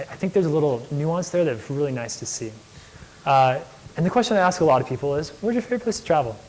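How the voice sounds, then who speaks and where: Speaking in a lecture hall, a young male entrepreneur tells stories in a casual, enthusiastic, chatty way, dropping "like" constantly. His voice is on the high side with a darkish tone, and the audio quality is poor.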